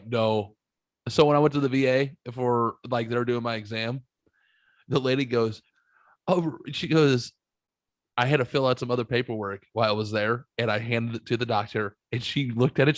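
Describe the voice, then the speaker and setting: A man hosting a podcast, telling stories in a casual, swearing way and jumping high when he quotes others. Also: steady tone, moderate pace, dry recording. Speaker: podcast host. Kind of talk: casual chat, storytelling.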